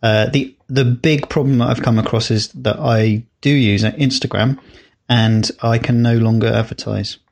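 This male podcast co-host has a gravelly, medium-pitched voice with fairly even intonation and a moderate pace. Chatting casually, he rambles and hesitates, dropping many fillers and restarting often.

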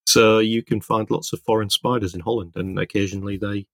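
Speaking fairly quickly in a steady, gravelly tone that's low but fairly bright, a male illustrator co-hosts a podcast. His casual chat rambles through stories full of self-corrections, captured as a dry, clean studio recording.

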